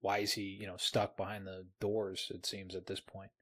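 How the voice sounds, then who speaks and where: A man with a husky, slightly rough voice talks eagerly about a favourite novel on a podcast. He restarts his words a lot and tosses in casual asides. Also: deep voice, monotone, normal speed, fairly bright tone. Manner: enthusiastic, repeats words, says "man". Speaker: podcast co-host. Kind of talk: casual book discussion.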